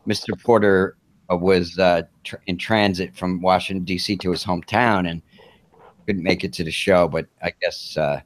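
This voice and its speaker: A man's voice: deep voice, fairly even intonation, moderate pace. A man on a live online call-in show, casually recounting events in a rambling, hesitant way with many fillers. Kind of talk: casual chat.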